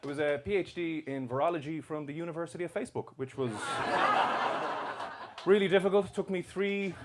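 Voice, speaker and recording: A man doing stand-up in a comedy club, teasing the audience with brash, sweary jokes. His voice sits a little high for a man. The live recording carries clear crowd noise around him. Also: fairly quick. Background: crowd laughter.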